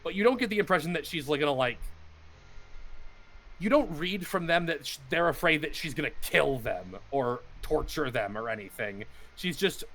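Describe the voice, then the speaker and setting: A man narrating a tabletop game as game master, halting speech with many fillers and restarts. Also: fairly high pitch, lively intonation, fairly bright tone.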